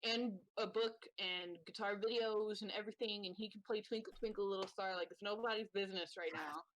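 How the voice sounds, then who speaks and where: A woman on a parenting podcast, telling heartfelt stories about her son in an animated way. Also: mid-range voice, brisk, a little hiss or hum, low-quality recording. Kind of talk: casual chat.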